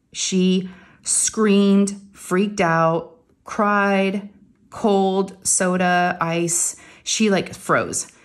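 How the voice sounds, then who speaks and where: A woman, a crafting channel host telling a family story in a casual, animated way, acting out what she and others said. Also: on the low side. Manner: animated, acts out her own lines.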